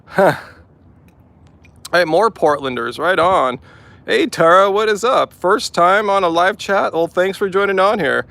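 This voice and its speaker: Gravelly, easygoing man chatting live. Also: high-pitched, expressive, unhurried, bright, forceful tone, no echo. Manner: easygoing, chatty, heavy use of "like" and "um". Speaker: host of a live stream. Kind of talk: casual live-chat Q&A.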